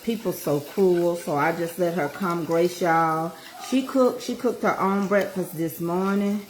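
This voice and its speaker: A woman's voice: fairly low pitch, a little slow, a little hiss or hum. Woman vlogging while cooking, echoey kitchen. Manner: chatty, folksy, motivational asides. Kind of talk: casual livestream chat while cooking. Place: home kitchen. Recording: echoey kitchen with frying sizzle.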